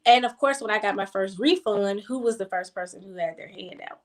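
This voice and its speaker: A woman's voice: medium pitch, brisk. A young adult woman in a casual group chat, telling a personal story emphatically and repeating words for stress. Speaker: guest.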